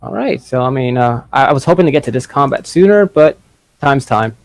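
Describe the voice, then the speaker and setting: A man's voice: medium pitch, expressive, a little fast, dry recording. A man running a tabletop game as game master, moving between casual rules talk and dramatic narration.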